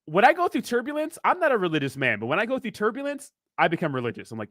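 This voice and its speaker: A man chats loosely on a livestream, rambling and joking as he answers viewer comments. His voice sits a little high for a man, and the sound is close and dry, with no room echo. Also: wildly swooping pitch, racing, few pauses, a bit bright. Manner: rambling, joking, reads chat aloud. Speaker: crypto livestream host. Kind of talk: casual livestream chat.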